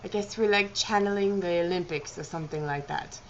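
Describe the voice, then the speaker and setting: A woman vlogging about books in a deliberately put-on British accent, rambling and poking fun at herself with plenty of "I mean" and "like". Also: lowish voice, muffled recording, slight background noise. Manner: rambling, self-mocking, heavy on fillers like "I mean" and "like". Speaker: book vlogger. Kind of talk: jokey rambling vlog.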